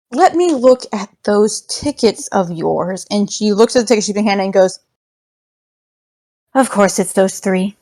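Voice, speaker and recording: A woman's voice: mid-range voice, lively intonation, moderate pace, warm tone. A woman narrating as game master in a casual, rambling way, laughing often.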